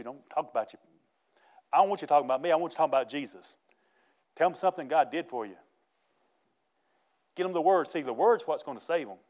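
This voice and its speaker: Animated preacher man. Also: fairly high pitch. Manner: folksy, animated preaching with laughter. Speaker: pastor. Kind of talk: sermon.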